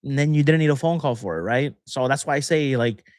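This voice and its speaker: A man's voice: medium pitch, a little fast, no room sound, clean studio sound. A young man hosting a casual livestream Q&A as a manifestation coach, chatty and rambling, laughing often between thoughts.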